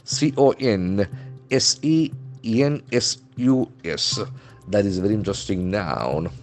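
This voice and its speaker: A man's voice: lowish voice, animated, measured pace, faint music behind. A man teaching vocabulary from newspaper headlines, spelling words letter by letter and modeling their pronunciation. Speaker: English trainer.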